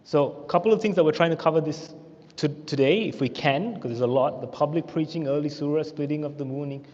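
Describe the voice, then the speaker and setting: An Australian man teaching a religious history class in a mosque, telling the story with animated, acted-out quotes. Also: on the high side, a little fast. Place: mosque hall. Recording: echoey hall, muffled lo-fi sound.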